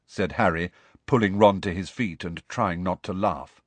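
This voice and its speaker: Husky, low-voiced male storyteller. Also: moderate pace, dry recording. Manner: expressive storytelling that shifts voice for each character. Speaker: audiobook narrator. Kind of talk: scripted narration.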